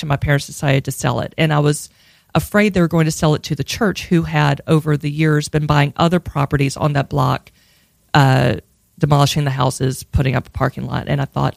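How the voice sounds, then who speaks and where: Woman, Southern US accent, gravelly, reflective storyteller, dry close sound. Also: low-pitched, no room sound. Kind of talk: personal storytelling on a podcast.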